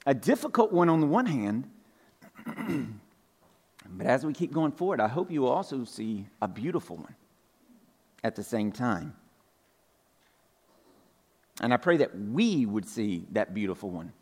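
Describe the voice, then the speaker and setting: A man preaching a sermon in a church in a relaxed, conversational way, repeating his points and often saying "like". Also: medium pitch, measured pace, long pauses, slightly rough. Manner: casual, repeats points, many "like" fillers. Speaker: pastor. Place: church sanctuary.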